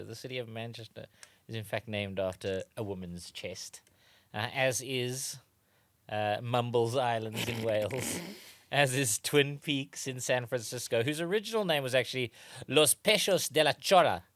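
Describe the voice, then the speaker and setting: Bright-voiced South African co-host. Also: male voice, medium pitch, moderate pace, dry recording. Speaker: podcast co-host. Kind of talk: casual comedy chat.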